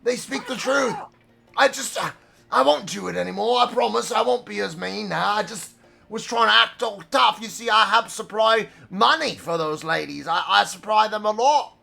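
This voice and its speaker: A man's voice: high voice, moderate pace, gravelly, pushed and bright, faint music behind, voice pushed up, heavily acted. A man voicing a cowardly, drunken male gambler who whines, stammers and begs. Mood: whining. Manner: whining, stammering, begging.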